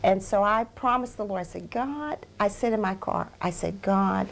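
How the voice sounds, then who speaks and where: A woman's voice: mid-range voice, a little fast, gravelly, rough recording. A woman minister giving a heartfelt, emotional testimony in an interview, earnestly repeating phrases for emphasis. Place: research center.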